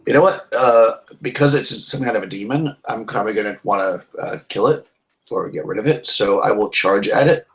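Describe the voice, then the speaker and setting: A man's voice: fairly low pitch, a little fast. A man playing in a tabletop game, talking casually and hesitantly. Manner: hesitant, many restarts. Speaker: player.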